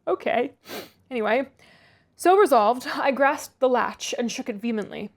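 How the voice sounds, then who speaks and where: Woman reading a novel aloud, slightly high voice, chatty asides, laughs off slips. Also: animated, moderate pace. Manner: chatty, laughs at own stumbles, comments between passages. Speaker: audiobook reader, read-aloud host.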